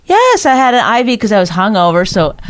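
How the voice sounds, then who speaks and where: A woman's voice: medium pitch, very animated, brisk, a little hiss or hum. A woman co-hosting a comedy podcast, teasing and sarcastic, often cutting in. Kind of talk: casual comedic banter.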